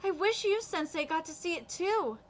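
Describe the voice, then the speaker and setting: A woman reading the part of a gentle teenage boy aloud, with halting fillers and restarts. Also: extremely high pitch, animated. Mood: earnest. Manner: read aloud with hesitant fillers. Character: gentle teenage boy who sees spirits.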